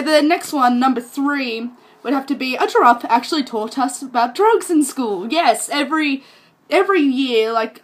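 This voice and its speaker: A young woman from Australia with an Australian accent, chatting casually to camera in a rambling, self-amused way. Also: a little high. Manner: chatty and rambling, laughs at herself. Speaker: vlogger.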